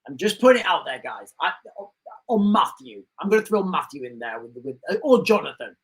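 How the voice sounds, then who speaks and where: Her voice sits low with big pitch swings, and she talks a little fast on a rough recording. The woman is hosting a livestream, rambling indignantly through casual commentary and often repeating herself.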